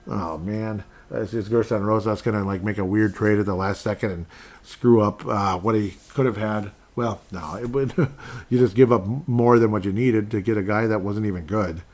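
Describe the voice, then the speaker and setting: A man with a slightly low voice hosts a casual sports podcast on his own. He rambles, laughs often and bursts into mock outrage. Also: steady tone, normal speed, a little mellow. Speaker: podcast host.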